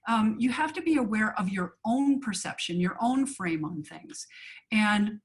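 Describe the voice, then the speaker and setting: A woman's voice: fairly high pitch, lively intonation, moderate pace. A woman coach and former actor co-hosting a webinar, explaining ideas conversationally with frequent fillers and acted example lines.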